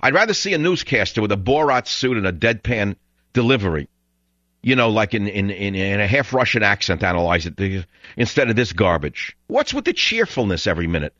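A man's voice: fairly low pitch, big pitch swings, fairly quick, a bit bright, no echo, dull audio. A man hosting a talk radio show, ranting in a sarcastic, combative monologue.

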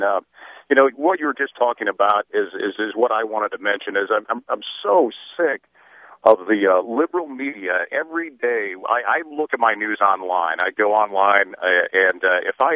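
A man calling in to a radio show, fed up and halting, often repeating his words. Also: on the low side, no room sound. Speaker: caller. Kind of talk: call-in radio chat. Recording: tinny phone line.

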